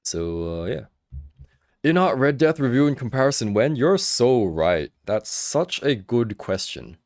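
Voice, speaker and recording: Swearing, lively-voiced young man on a livestream. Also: mid-range voice, unhurried, no echo, studio quality. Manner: swears freely, laughs, chatty and expressive. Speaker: action figure livestream host. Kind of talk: casual livestream chat answering viewers. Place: home in Hong Kong.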